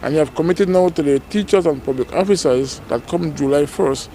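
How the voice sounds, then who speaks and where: A man's voice: fairly high pitch, a little fast, mellow, slight background noise. A man, a government minister reassuring the public in a press interview.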